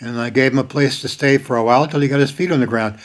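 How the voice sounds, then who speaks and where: Speaking directly to camera as a video host, an older man gives casual commentary, emphatically repeating key lines and erupting in sudden bursts of force. He talks fast in a medium-pitched, steady voice.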